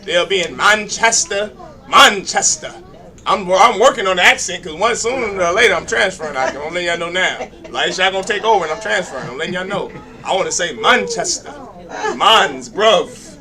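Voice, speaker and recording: A man's voice: sits high, fast, few pauses, music in the background. A man leading a religious class, preaching and making announcements with loose, joking asides and call-and-response. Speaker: class leader. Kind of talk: sermon-style class address. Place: congregation hall.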